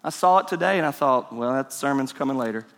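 A male pastor preaching a sermon, emphatic and swinging between loud and hushed. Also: mid-range voice, lively intonation, quick pace. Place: church sanctuary. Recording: reverberant church hall.

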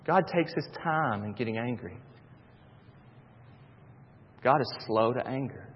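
A man preaching a sermon as pastor, swinging between hushed stretches and loud, excited ones. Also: medium pitch, measured pace, husky. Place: church sanctuary. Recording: dull reverberant church sound.

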